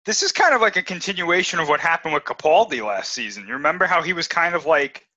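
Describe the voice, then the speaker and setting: A man's voice: on the high side, sing-song, fast talker, pushed and bright. A man co-hosting a casual podcast chat, talking in a chatty way with lots of fillers. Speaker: podcast co-host. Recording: dull lo-fi audio.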